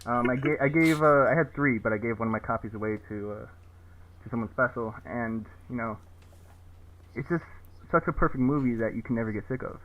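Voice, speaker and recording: Hesitant guest on a tinny cheap mic. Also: male voice, brisk. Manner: hesitant, deadpan, full of fillers. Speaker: podcast guest, video essay creator. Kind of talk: casual podcast chat. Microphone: cheap low-quality mic. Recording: tinny phone-like low-quality mic.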